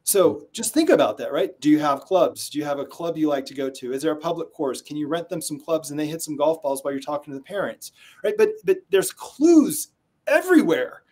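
A man's voice: fairly high pitch, brisk. A man being interviewed as a sales trainer, telling stories and acting out the people he quotes. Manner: animated storyteller who acts out quotes. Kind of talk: conversational interview storytelling.

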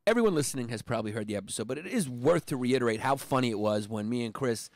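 A man co-hosting a comedy podcast, joking in animated, profane banter. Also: mid-range voice, very fast, no room sound. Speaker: podcast co-host. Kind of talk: casual comedic chat.

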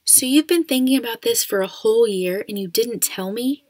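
A woman's voice: a little high, normal speed, a little mellow, no room sound, clean studio sound, voice pushed up, natural voice. A woman voicing a shy, anxious young boy in a storybook reading, with a small, pleading delivery. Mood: worried.

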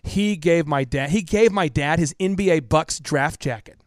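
A man's voice: a little high, normal speed, dry recording. Emphatic man, dry studio. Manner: emphatic, repetitive, drops to a hush for emotional parts. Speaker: podcast guest, business coach. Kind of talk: impassioned storytelling interview.

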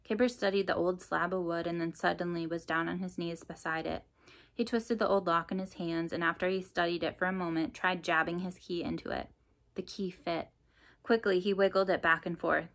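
Woman narrator, low-pitched, expressive storybook reading. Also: a little fast, gravelly. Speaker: audiobook narrator.

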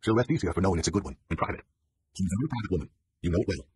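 A man doing a grizzled, toothless old farmer who complains in a plaintive drawl, pitched a little above the reader's own deep tone. The voice rattles along quickly and is very husky, recorded dry and close. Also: a little mellow, no room sound. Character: old toothless self-pitying farmer father.

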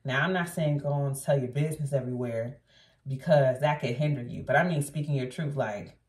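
A woman with a low voice gives a casual tarot reading indoors at night. She talks to her viewers in a blunt, chatty way and swears freely. The sound is roomy and echoey, and she sits a bit back from the mic. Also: fairly quick, darkish tone, recorded from a distance. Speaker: tarot reader.

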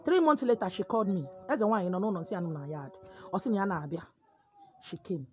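A woman with a Nigerian accent telling a comic first-person story, dramatic and lively. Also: mid-range voice, fast talker, soft background music. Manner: dramatic, lively, code-switching.

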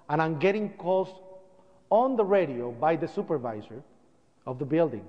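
A man with a Puerto Rican accent telling his story as a public speaker, animated and acting out the voices of people in it. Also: on the high side, normal speed, long reverb tail, highs cut off. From Puerto Rico.

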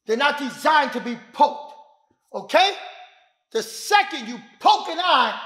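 A male self-defense instructor with a very high, sharp and forceful voice. He is emphatic and street-wise, and he punches key words loudly. The sound is echoey, as if recorded in a gym. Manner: emphatic, street-talking, bursts of loud stress. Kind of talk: demonstration teaching. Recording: echoey room.

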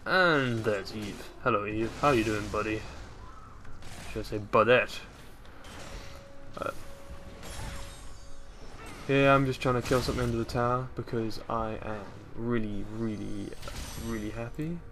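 A man's voice: on the low side, fairly even intonation, measured pace, long pauses, fairly bright tone, slight background noise. A man giving casual, rambling commentary over his own gameplay, joking at his own expense. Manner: rambling, self-mocking, jokey.

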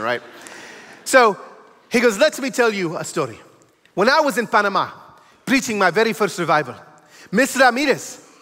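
A man's voice: high voice, fairly bright tone. A man preaching a sermon in a church, telling stories animatedly and acting out the voices in them. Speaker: guest preacher. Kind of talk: sermon storytelling. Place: church auditorium. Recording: echoey church hall.

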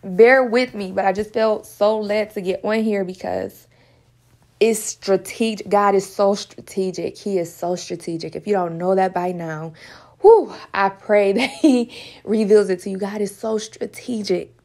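A woman's voice: mid-range voice, a little slow, darkish tone. A woman in her own talk giving earnest, emotional spiritual encouragement. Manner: earnest, repetitive, emotional, sometimes near tears. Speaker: online Christian speaker.

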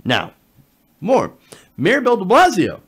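A man giving online political commentary, talking in an animated, sarcastic way with frequent fillers. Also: high voice, slow, slightly rough.

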